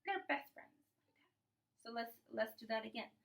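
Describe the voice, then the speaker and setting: A woman's voice: fairly high pitch, lively intonation, normal speed, gravelly, a bit bright, distant mic. A young woman teaching a string instrument lesson in a casual video, upbeat and playful, talking to young students. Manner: upbeat, playful, talks to kids.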